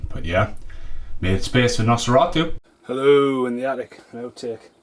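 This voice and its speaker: A man rambling through casual vlog outtakes at home, telling stories in an excitable way with some swearing. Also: medium pitch, moderate pace. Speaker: vlogger. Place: home, partly in the attic.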